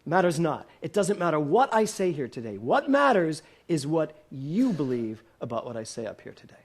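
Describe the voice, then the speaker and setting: Higher-pitched older man giving a sermon. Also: sing-song, normal speed, breathy edge. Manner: asks the congregation many questions, playful and laughing at times. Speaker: minister. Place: church hall with a congregation.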